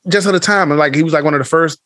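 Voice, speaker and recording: A man's voice: fairly high pitch, racing, fairly bright tone, no room sound, clean studio sound. A man co-hosting a podcast, talking in a blunt, slangy, opinionated way in casual chat. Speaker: podcast co-host.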